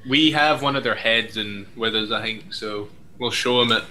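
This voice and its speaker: A man's voice: lowish voice, normal speed, bright, forceful tone, a little hiss or hum, low-quality recording. A man playing a tabletop game, speaking in character in a polite, plain way. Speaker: player. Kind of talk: in-character tabletop role-play.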